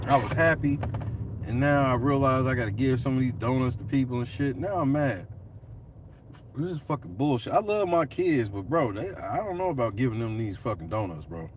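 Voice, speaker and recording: A man's voice: mid-range voice, lively intonation, a little fast, recorded from a distance, slight background noise. A man, a father, ranting casually and profanely while vlogging from his car.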